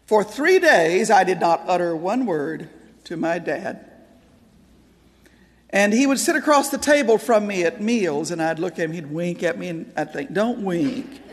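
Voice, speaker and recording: A woman speaker telling a personal story in an animated way, with laughing asides, in a large hall. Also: fairly low pitch, normal speed. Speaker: Christian speaker and author. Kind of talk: storytelling talk.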